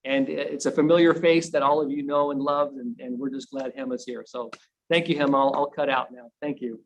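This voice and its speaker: Man giving a halting video-call speech. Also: medium pitch, flat delivery, poor audio. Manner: halting, repeats words, many fillers. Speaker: university administrator. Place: home room used for video calls. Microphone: computer video call.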